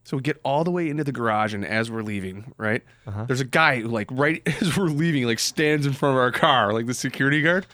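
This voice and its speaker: A man hosting a podcast, telling an anecdote in an animated way and acting out the voices of the people in it. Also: mid-range voice, fast talker, no echo. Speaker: podcast host. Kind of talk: casual storytelling chat.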